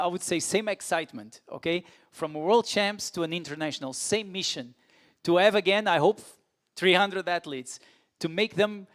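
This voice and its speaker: Man from Portugal, fairly high voice, earnest urging forum speaker. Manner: earnest, urging, repetitive appeals. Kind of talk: conference speech.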